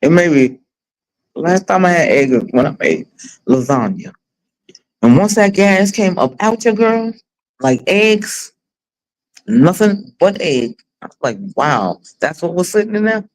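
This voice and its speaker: A woman's voice: fairly low pitch, animated, a little slow, pauses often, a little mellow, rough recording. A woman in her forties hosting a livestream, chatting casually with blunt, profane, dramatic storytelling. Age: 40s. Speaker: livestream host.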